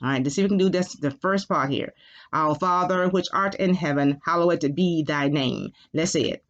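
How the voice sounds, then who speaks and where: A woman teaching a Spanish class, patiently drilling phrases and repeating them slowly for her students. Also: deep voice. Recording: dull lo-fi sound.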